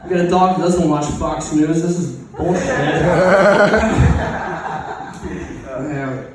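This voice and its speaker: Man doing open mic stand-up, crude and sarcastic, slightly high voice, very echoey room heard from afar. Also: slow, background noise. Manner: crude, sarcastic, rambling with fillers and restarts. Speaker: stand-up comic. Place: open mic comedy venue. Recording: echoey room miked from a distance.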